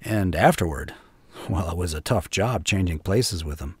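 A man reading the part of a mad, white-haired old doctor who talks low and slyly, laughing to himself, in an audiobook. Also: expressive, moderate pace, husky, no echo, heavily acted. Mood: sly, unhinged. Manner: rambling, low and sly with laughs. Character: mad old male doctor, genial then menacing.

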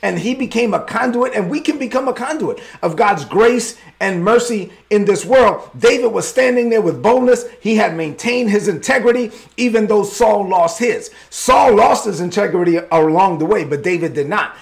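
A man pastor preaching a sermon in a lively, conversational way with bits of slang. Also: sits high, normal speed, creaky, few pauses.

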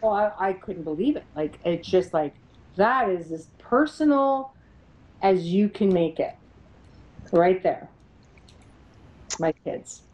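Animated middle-aged woman telling spooky stories. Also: lowish voice, takes it slowly, pauses often, low-quality recording. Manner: animated, laughs often, acts out quoted voices. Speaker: paranormal investigator guest. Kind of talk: storytelling in an interview.

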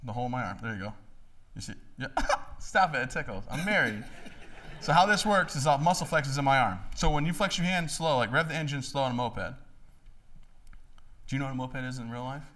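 A man in his thirties giving a joking, animated talk to a live audience in a hall. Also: medium pitch, brisk. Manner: joking, animated, acts out voices. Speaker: motivational speaker.

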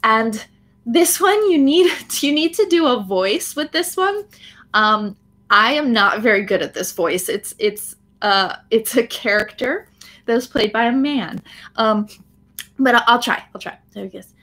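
A woman's voice: a little high, animated, unhurried, a bit bright. A woman with an American accent, explaining phrases in a live online English lesson, often checking in with "right?". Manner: frequent "um" fillers. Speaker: English teacher.

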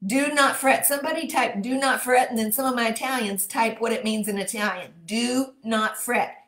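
A woman with a Texan accent leading a livestreamed prayer, reading scripture fervently and slowing down to repeat key phrases. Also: a little high, fairly bright tone. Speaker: prayer leader. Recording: echoey room.

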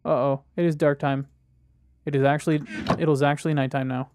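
A man's voice: fairly high pitch, level tone, brisk, background noise. A man giving casual gameplay commentary, jittery and swearing as he talks to himself and the game. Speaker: gaming video creator.

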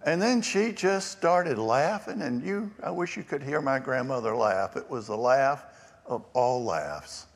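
Man, pastor, storytelling sermon, mid-range voice, hushed asides, reverberant sanctuary. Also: medium pitch, lively intonation, measured pace, gravelly. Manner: varied emphasis, dropping to hushed asides. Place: church sanctuary. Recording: long church reverb.

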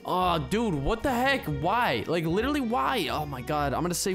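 A man hosting a gaming video, commenting on a role-play game in an excitable, exclaiming way and quickly turning indignant. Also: high voice, gravelly, soft background music.

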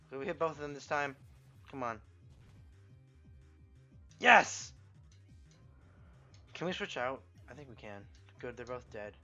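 A young man narrates his own gameplay in a casual, excitable way. He swears freely and jumps from muttering to loud outbursts. The recording sounds a little muffled, with faint game music under his voice. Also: mid-range voice. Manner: excitable, profane, reacting loudly to the game. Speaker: gameplay commentator. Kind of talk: let's play commentary.

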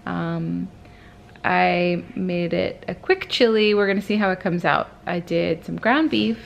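A woman in her thirties talking casually to camera in her home kitchen, relaxed and chatty with frequent ums. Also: fairly low pitch, unhurried, gravelly, a little hiss or hum. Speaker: vlogger mother. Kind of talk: casual family vlog chat.

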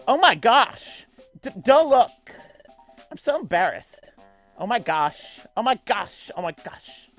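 A man's voice: very high-pitched, very animated, slow, a bit bright, faint music behind, voice pushed up, exaggerated voice. A man voicing an easily embarrassed female flower creature in a video game, talking like a Valley Girl. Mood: flustered.

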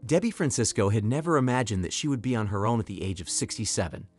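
A man narrates a storytime video in an even, clear delivery, his pitch moving up and down with life. Faint music runs underneath the whole read. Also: fast talker.

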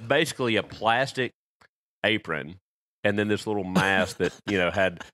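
A man's voice: on the low side, moderate pace, sharp tone, dry recording. A man co-hosting a podcast, chatting casually and telling long rambling stories. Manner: rambling storyteller. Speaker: podcast co-host. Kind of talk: casual chat.

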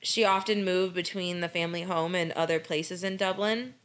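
A woman's voice: lowish voice, fairly even intonation, normal speed. An American woman co-hosting a casual true-crime podcast, recapping a case with frequent swearing and laughter. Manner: irreverent, swears freely, laughs often. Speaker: podcast co-host.

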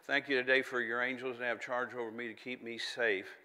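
A man's voice: medium pitch, flat delivery, a little fast, bright, forceful tone, big-room sound. A man preaching a sermon in a folksy, conversational way, with chatty asides and little laughs.

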